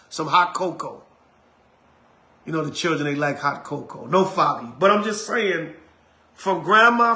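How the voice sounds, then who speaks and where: A middle-aged male preacher with a high voice, delivering an emphatic, colloquial sermon. He hammers the same phrases over and over. His tone is bright and forceful. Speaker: elder and preacher.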